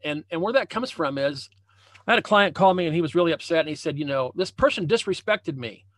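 A man's voice: a little high, expressive, fairly quick, a bit bright, no room sound. A man, a leadership coach, giving a motivational talk over a video call. He speaks conversationally from a home room, repeating phrases and restarting often. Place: home room with a banner hung as backdrop.

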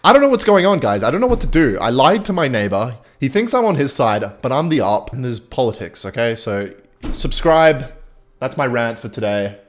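A young man talks through a strategy game in a loose, rambling way, jumping between game calls and a personal anecdote. His voice sits in a middle pitch but swings around a lot as he talks. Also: sing-song, moderate pace. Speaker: gaming video creator. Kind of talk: casual gameplay commentary and storytelling.

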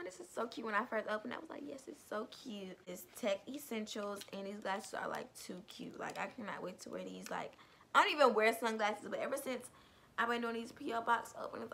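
A woman's voice: mid-range voice, creaky, pushed and bright, a little hiss or hum. A young woman vlogging an unboxing, gushing and bubbly, full of slang and "like". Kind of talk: excited unboxing vlog.

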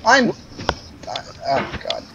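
A man giving gameplay commentary, exclaiming and pleading with the game in exasperation. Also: takes it slowly. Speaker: gamer. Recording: dull lo-fi mic with loud noise and clicks.

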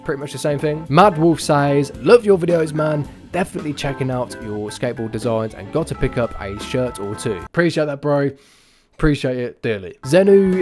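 A young man talking casually about game news as a gaming YouTuber, with a relaxed, chatty manner and a lot of "bro". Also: medium pitch.

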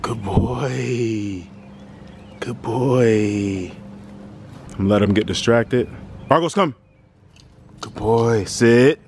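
A man's voice: mid-range voice, drawn-out words, pauses often, darkish tone, slight background noise. A young man vlogging with his puppy, coaxing and praising it in a playful, sing-song way. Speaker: vlogger and dog owner. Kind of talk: casual vlog, talking to his puppy.

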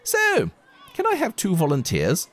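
A man's voice: high-pitched, huge pitch swings, measured pace, fairly bright tone, some chatter behind, voice pushed up, exaggerated voice. A man voicing a fussy, wittering female PE teacher in a storybook reading. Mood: cheery. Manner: wittering, bossy. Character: high-pitched fussy woman PE teacher.

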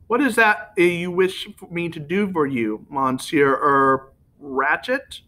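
A man's voice: a little high, slow, bright, forceful tone. A man doing a formal, precise foreign detective. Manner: formal, addresses people as monsieur. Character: fastidious foreign male detective, polite and formal.

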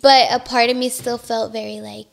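A young woman telling her story as a guest in a casual interview, soft-spoken and emotional, tearful at times, with many fillers. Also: on the high side, little pitch movement, moderate pace, vocal fry. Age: young adult.

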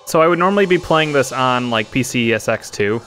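A man's voice: mid-range voice, animated, a little fast, fairly bright tone, soft background music. A man streaming a game, chatting casually, laughing often and reading on-screen text aloud. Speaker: let's play streamer. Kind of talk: casual gameplay commentary.

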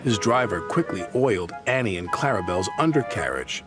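A man narrating a children's storybook in a lively storytelling manner. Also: on the low side, brisk, music in the background. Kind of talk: storybook reading.

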